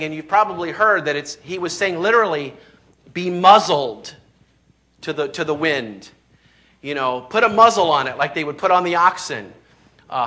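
A man's voice: on the high side, sharp tone. A pastor delivering a sermon, preaching emphatically, reading scripture aloud and often restarting his sentences.

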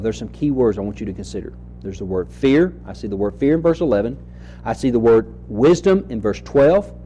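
A man preaching an expository sermon, reading scripture slowly and asking rhetorical questions as he teaches. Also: medium pitch, warm tone, a little hiss or hum, rough recording.

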